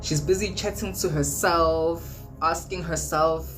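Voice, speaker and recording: A woman's voice: low-pitched, fairly even intonation, unhurried, fairly bright tone, soft background music, low-quality recording. A woman casually narrating a true crime case as a storyteller, retelling events in plain, conversational words.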